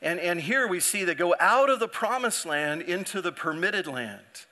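A man's voice: high-pitched, animated, normal speed, sharp tone. A male pastor preaching a sermon in a conversational way, often restarting his sentences and acting out the people he quotes.

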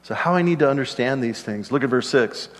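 A middle-aged man preaching a sermon in a relaxed, conversational way, dropping joking asides to the congregation. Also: mid-range voice, fairly quick, long reverb tail. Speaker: pastor.

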